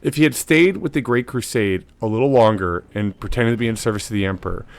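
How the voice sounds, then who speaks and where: A man's voice: mid-range voice, fast talker, gravelly. A man hosting a lore video in casual commentary, talking loosely with lots of fillers and tag questions.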